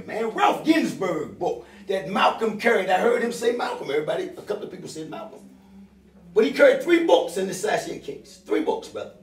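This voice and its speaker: An older man giving an impassioned, emotional speech to a crowd at a town hall, calling out to the audience and swinging between loud outbursts and low asides. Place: bookstore meeting room. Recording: echoey room, voice from far off.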